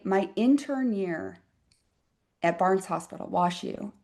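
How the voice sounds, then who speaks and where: A woman's voice: medium pitch, slow. Reflective woman physician in her fifties. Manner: reflective, expressive, with wry asides. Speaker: physician guest. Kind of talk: conversational interview storytelling.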